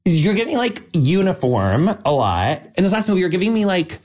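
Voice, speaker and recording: A man's voice: sits high, sing-song, a little fast, a little mellow. A man interviewing actors in a casual, effusive, fan-like way, chatty and full of fillers. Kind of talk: casual gushing interview chat.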